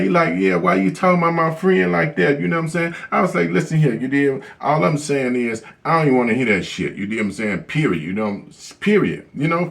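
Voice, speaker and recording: Gravelly man ranting bluntly. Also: a little high. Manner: blunt, heavy cursing, repeats "you know what I'm saying". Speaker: vlogger. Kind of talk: profane storytelling rant.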